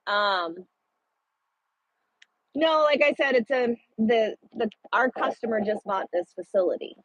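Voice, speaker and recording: A woman truck driver chatting casually with her livestream viewers, blunt and quick to swear. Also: on the high side, no echo, low-quality recording.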